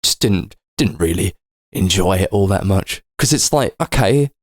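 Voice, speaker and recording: A man's voice: low voice, expressive, normal speed, no room sound, clean studio sound. Rambling man, casual film chat. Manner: rambling, swears, acts out silly quoted voices. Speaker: podcast co-host.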